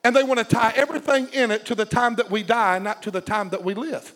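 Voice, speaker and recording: A man with a strikingly high voice preaches a fiery sermon, swinging between soaring shouts and low confiding asides. He calls out to the congregation for responses. His voice rings through the long reverb of a large church. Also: fairly even intonation, fast talker. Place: church sanctuary.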